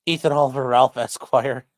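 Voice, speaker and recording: A medium-pitched voice in a dry, clean studio recording. It belongs to a defense attorney running a casual livestream, reading viewers' chat messages aloud and responding bluntly and profanely.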